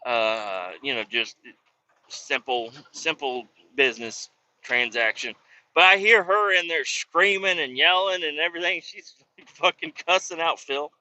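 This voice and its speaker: A man's voice: a little high, measured pace, bright, forceful tone, low-quality recording. A man, a truck driver, casually telling stories on a vlog from inside his truck cab, chatty and profane.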